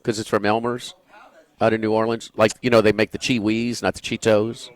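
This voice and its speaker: A man's voice: lowish voice, level tone, brisk. A man hosting a sports radio show, chatting casually and teasing his co-hosts with bursts of laughter. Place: radio studio.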